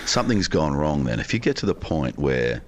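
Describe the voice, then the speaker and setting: A man being interviewed on radio from a hotel, telling long relaxed stories about his film work. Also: extremely low pitch, a little fast. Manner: relaxed, expansive storyteller. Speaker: film actor guest. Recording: down the line from a hotel.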